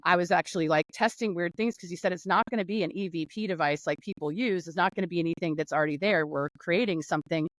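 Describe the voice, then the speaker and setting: A woman from North Carolina, speaking as a guest in a casual interview over a video call, telling a long story with laughs and quick restarts. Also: fairly low pitch, dry recording, low-quality recording. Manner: animated, laughing, rambling storytelling.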